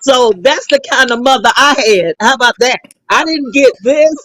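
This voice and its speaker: A woman's voice: high voice, moderate pace, a bit bright, dry recording. A woman talks as a guest on a casual talk show, spinning a family story with a playful, teasing delivery. She breaks into laughter between lines and keeps the chat light.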